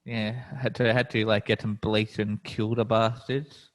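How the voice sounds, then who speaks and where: A man's voice: on the low side, little pitch movement, normal speed. A man with an Australian accent hosting a podcast in casual chat, laid-back and rambling with easy chuckles. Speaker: podcast host.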